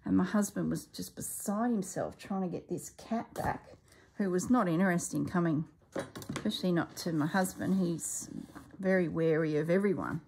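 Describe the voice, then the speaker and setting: A woman's voice: lowish voice, normal speed, gravelly, darkish tone, a little hiss or hum. A woman vlogger chatting casually as she stitches, rambling and talking herself through each step in a murmur. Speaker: crafting vlogger. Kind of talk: casual chat while stitching.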